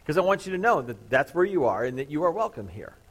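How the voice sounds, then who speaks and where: A man's voice: fairly high pitch, big pitch swings, quick pace, slightly rough. A man in his thirties, a pastor preaching to his church congregation, telling a story in a casual, joking, self-deprecating way. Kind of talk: sermon.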